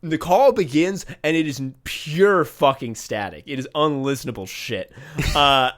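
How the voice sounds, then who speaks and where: A man's voice: fairly high pitch, lively intonation, measured pace, fairly bright tone. A man hosting a podcast, telling a long work anecdote in casual chat, laughing often and swearing freely. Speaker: podcast host.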